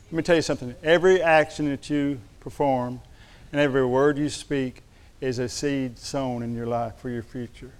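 A man's voice: mid-range voice, fairly even intonation, moderate pace, smooth. A middle-aged man preaching a sermon, telling folksy stories with humor. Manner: folksy storytelling with humor and Southern address. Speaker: pastor.

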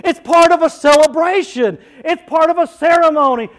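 A male pastor preaching a lively sermon, rising to shouts as he quotes scripture. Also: extremely high pitch, normal speed, hardly any pauses, rough recording.

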